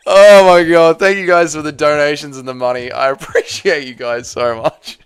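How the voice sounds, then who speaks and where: A man's voice: a little high, fairly even intonation, moderate pace, few pauses, smooth, dry recording, faint music behind. A man hosting a casual live stream, reading chat aloud, laughing and swearing often.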